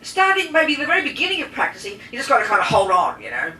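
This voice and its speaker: A woman teaching a talk to a group, lively and emphatic, asking and answering her listeners' questions. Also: high voice, fast talker. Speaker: Buddhist teacher. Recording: echoey room, mic at a distance, faint noise.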